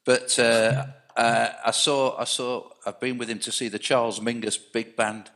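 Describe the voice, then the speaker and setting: A man's voice: mid-range voice, steady tone, a little slow, fairly bright tone. A man in his sixties telling anecdotes in a casual chat, often restarting his sentences. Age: 60s.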